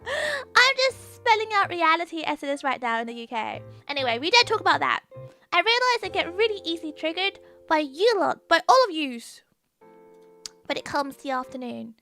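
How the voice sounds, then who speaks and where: Very high-pitched, excitable woman. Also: normal speed, creaky, soft background music. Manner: excitable, ranting, giggly. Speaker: VTuber streamer. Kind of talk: casual chat stream.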